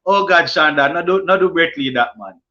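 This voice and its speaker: A man's voice: on the high side, normal speed, bright, forceful tone. Jamaican man reading chat comments. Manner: casual, reads viewer comments aloud and answers them. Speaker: sports channel host. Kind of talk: live-stream chat reading. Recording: lo-fi stream audio.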